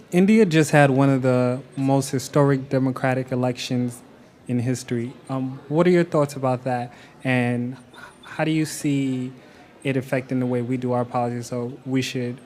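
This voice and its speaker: A man from the audience asking an earnest question in a deliberate way. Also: medium pitch, steady tone, a little mellow. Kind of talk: casual question.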